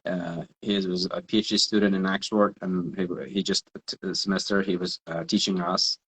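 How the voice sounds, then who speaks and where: Deep-voiced man. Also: flat delivery, fairly bright tone, husky, low-quality recording. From Iran. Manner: halting, repeats words while searching for them. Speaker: guest, English teacher. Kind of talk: casual conversation.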